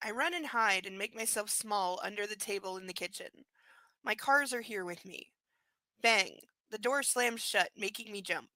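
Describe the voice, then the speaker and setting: A woman's voice: fairly high pitch, sharp tone, dry recording, rough recording. A woman live-streaming a book reading at home, mixing blunt, sarcastic commentary with cooing baby talk to her dog.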